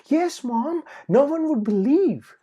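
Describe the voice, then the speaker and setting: Woman doing a squealing, excitable piglet girl. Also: sits high, takes it slowly, highs cut off, pitched above the performer's own voice. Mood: excited, fearful. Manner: squealing and cries out. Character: excitable little piglet girl who exaggerates. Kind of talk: children's storybook narration.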